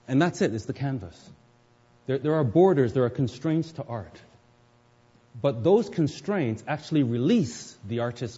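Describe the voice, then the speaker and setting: A man's voice: medium pitch, warm tone, breathy edge. A male pastor preaching a sermon to his congregation, explaining scripture step by step and addressing the listeners directly. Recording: dull, lo-fi recording with long hall reverb.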